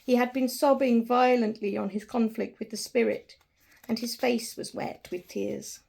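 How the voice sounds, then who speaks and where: A woman narrating a classic story with an expressive, dramatic reading. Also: a little high, moderate pace, gravelly, husky.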